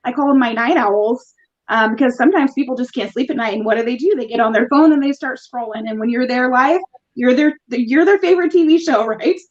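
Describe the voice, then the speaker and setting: A woman with a high voice answers questions on a live online show. She sounds friendly and easygoing. Her audio comes through dull and lo-fi, like a video call. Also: fairly quick. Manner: friendly, conversational, laughs easily. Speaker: guest, small business owner. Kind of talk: casual live interview.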